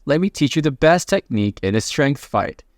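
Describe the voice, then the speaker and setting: A man's voice: on the high side, lively intonation, normal speed, no room sound, clean studio sound, natural voice. A man reading the lines of an arrogant, menacing male goblin warrior in a comic recap, with little change from his own voice.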